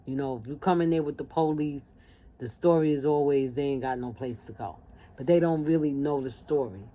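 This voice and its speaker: A woman telling a personal story in casual talk, lively and acting out the voices of family members. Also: rumbling low, fairly quick.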